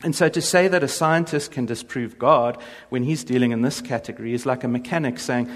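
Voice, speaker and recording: A man giving a humorous faith talk to an audience, telling stories with jokes and quick impressions. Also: medium pitch. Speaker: speaker. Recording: long reverb of a large hall.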